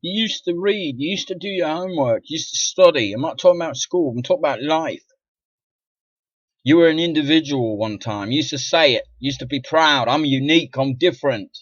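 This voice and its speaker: A middle-aged man vlogging an indignant, profane rant to camera, dropping to mutters and then bursting out loudly. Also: fairly high pitch, a little fast, dry recording. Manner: profane, indignant, swings from muttering to loud outbursts. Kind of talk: ranting monologue to camera. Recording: dull lo-fi dry sound.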